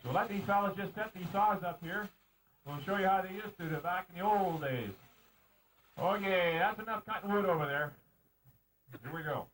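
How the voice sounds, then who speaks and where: A man's voice: sits high, moderate pace, a bit bright, slight background noise. A man emceeing an outdoor lumberjack show, joking with and teasing the contestants as he calls out the races. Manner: joking, teasing announcer calling out race commands. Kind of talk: live show emceeing with banter. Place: outdoor show arena on a mountain. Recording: distant outdoor home-video sound.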